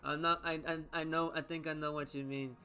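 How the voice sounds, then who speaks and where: A young man with a Floridian accent chats casually as he plays a game, reacting out loud and often leaving sentences unfinished. He's a gaming content creator giving relaxed commentary, and his voice sits on the high side, bright and pushed, with a brisk, flat delivery.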